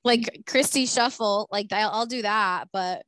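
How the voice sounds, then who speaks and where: A woman's voice: mid-range voice, measured pace, a bit bright, no room sound. A woman in casual chat who laughs often and trails off into restarts.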